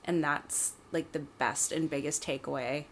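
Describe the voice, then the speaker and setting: A woman co-hosting a podcast, reflecting in a relaxed, supportive way. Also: sits low, a little slow, a little hiss or hum. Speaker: podcast co-host. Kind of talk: casual chat.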